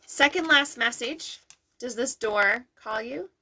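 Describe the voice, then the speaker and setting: A woman doing intuitive readings for viewers on a live stream, in an affirming, chatty way with soft laughs. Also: on the high side, takes it slowly, a little hiss or hum. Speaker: intuitive reader.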